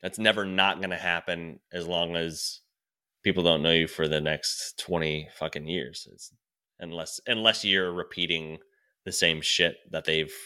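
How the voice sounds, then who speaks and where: A man's voice: low voice, steady tone, measured pace, sharp tone, smooth. A man, a stand-up comedian, talking in a casual podcast chat, rambling and swearing freely, with frequent restarts and laughs.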